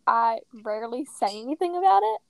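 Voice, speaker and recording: A woman's voice: fairly high pitch, sing-song, fairly quick, vocal fry, darkish tone, no echo. A young woman co-hosting a podcast in casual chat, talking with many fillers and laughing often. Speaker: podcast co-host.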